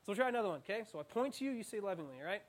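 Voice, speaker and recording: Young male preacher, high-pitched, animated and playful, leading the crowd in call-and-response. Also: racing. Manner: animated, playful, self-mocking asides. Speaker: student preacher. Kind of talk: interactive sermon.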